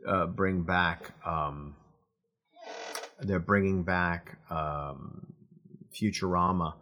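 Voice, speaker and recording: Middle-aged jersey guy rambling on a podcast, lowish voice, lots of restarts. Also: steady tone, extremely slow, highs cut off. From New Jersey. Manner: rambling, full of restarts and fillers. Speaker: podcast co-host. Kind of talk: casual podcast chat.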